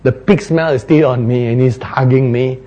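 A man preaching voices an ashamed, penniless young son who pleads humbly in a low, soft voice. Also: normal speed, lightly acted. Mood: humble. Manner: soft, low, subdued murmuring.

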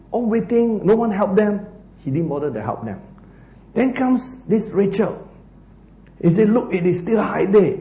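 A man preaches as pastor, retelling a Bible story with playful asides and little laughs. His delivery is slow and unhurried, his pitch swings widely, and his tone is mellow. The sound carries the echo of a hard-walled room. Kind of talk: sermon.

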